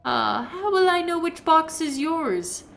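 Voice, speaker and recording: A woman voicing a brisk young witch, matter-of-fact and a little exasperated. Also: extremely high pitch, lively intonation, gravelly, fairly bright tone, soft background music, voice pushed up, full character voice. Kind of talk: reading game dialogue aloud.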